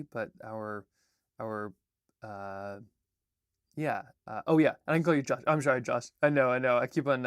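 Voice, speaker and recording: A man's voice: medium pitch, dry recording, clean studio sound. A man hosting a livestream in a casual, rambling way, chatting with viewers and stopping often to apologize and restart. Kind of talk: casual livestream chat and read-through.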